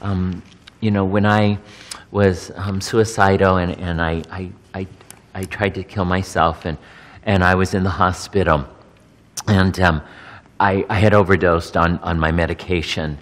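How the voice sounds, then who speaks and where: A middle-aged man, a pastor, giving a candid personal testimony to an audience, often halting and repeating words as he searches for them. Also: sits low, steady tone, big-room sound.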